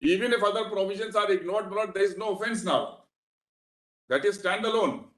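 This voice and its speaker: Formal Indian advocate, slightly high voice. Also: male voice, fairly quick, a bit bright. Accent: Indian English. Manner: formal, deferential, keeps addressing the bench as my lord. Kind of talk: courtroom argument. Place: courtroom. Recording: roomy courtroom echo.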